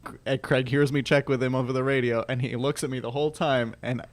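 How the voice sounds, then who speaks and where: A man's voice: mid-range voice, fast, dry recording. A former team staffer, a man, telling a funny story on a podcast and laughing as he goes. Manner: lively storyteller, laughs through his stories. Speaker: former team employee, guest.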